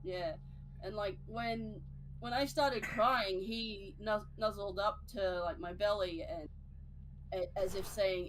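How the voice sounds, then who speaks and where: A woman's voice: mid-range voice, fairly even intonation, slow, noisy background. A woman guest chatting casually, hesitant and stammering through her story. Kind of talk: casual stream chat.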